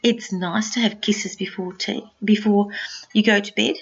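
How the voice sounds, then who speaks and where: An older woman, a grandmother, reading a picture book aloud to a small child in a gentle, sing-song way, with soft asides. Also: mid-range voice, steady tone, measured pace, breathy edge, dull audio.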